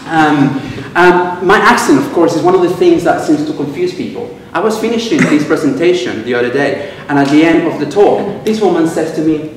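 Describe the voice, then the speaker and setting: A man from Venezuela with a Venezuelan Spanish accent, giving a humorous speech at a club and pausing for laughs as he tells stories. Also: on the high side, slight background noise. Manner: storytelling with quoted exchanges, pausing for audience laughs. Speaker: club speaker. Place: club meeting room. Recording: echoey room, miked from a distance.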